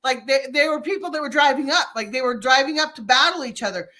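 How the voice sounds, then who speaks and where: A middle-aged woman telling stories in casual chat, acting out the quotes with lively energy. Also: sits high, quick pace, a little hiss or hum. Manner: animated storyteller, acts out quotes.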